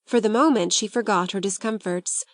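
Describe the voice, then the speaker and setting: A woman narrates a classic novel in a measured, gentle way, with a voice of ordinary middle pitch. The recording is close and dry, with no room sound. Her storytelling stays even and unhurried. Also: no room sound. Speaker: audiobook narrator.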